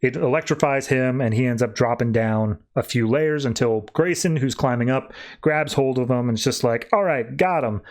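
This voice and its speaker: A man's voice: medium pitch, fairly even intonation, moderate pace, few pauses, darkish tone. A man hosting a podcast and casually recapping comic book plots, rambling with lots of fillers. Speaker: podcast host.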